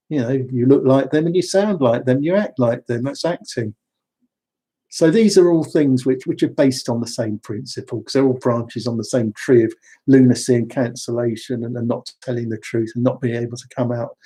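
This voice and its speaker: A man's voice: mid-range voice, dark tone, husky. A man, giving his strong views in a talk. He speaks with emphasis and often repeats words as he starts a phrase. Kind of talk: opinionated monologue.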